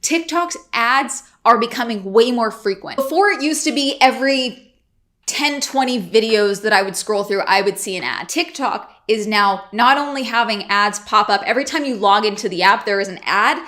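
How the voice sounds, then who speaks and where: A woman's voice: fairly high pitch, normal speed, sharp tone. A woman vlogger ranting to camera, getting worked up and exasperated, swearing freely. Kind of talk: casual ranting vlog.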